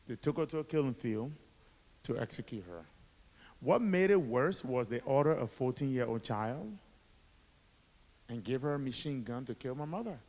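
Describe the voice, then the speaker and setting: A man in his forties from Liberia, an author and activist telling his story to a school assembly with rhetorical questions to the audience. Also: a little high. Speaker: guest speaker, author and activist. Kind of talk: motivational school assembly speech. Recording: echoey hall.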